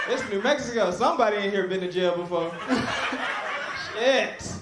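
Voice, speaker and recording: A man's voice: sits high, moderate pace. A man hosting a live comedy show, hyping the crowd with loose, profane banter. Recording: echoey club with room noise.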